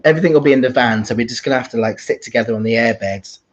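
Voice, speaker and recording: A man's voice: medium pitch, racing. A young man hosting a casual livestream, laughing often and reading out viewer comments. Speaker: livestream host. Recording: dull lo-fi stream audio.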